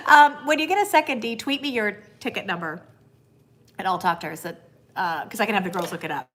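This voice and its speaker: A woman's voice: mid-range voice, a little fast, a bit bright. A woman hosting a casual live stream, bubbly, greeting viewers by name and cooing to her dog. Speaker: livestream host.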